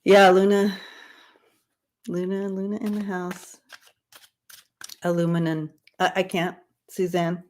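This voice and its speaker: A woman with a lowish, level, slightly mellow voice speaks slowly and pauses often while hosting a casual tarot reading on a livestream. She chats and laughs frequently with viewers, and due to dyslexia she repeats long, difficult words she stumbles over.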